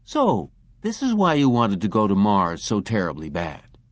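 A man's voice: fairly low pitch, wildly swooping pitch, normal speed, no room sound. A man voicing an irritable male boss who talks curtly and impatiently. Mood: confident. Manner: curt, impatient.

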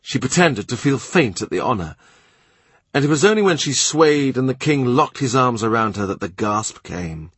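A man reading an audiobook as narrator in a measured storytelling manner. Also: medium pitch, sing-song, husky, no echo. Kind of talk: scripted narration.

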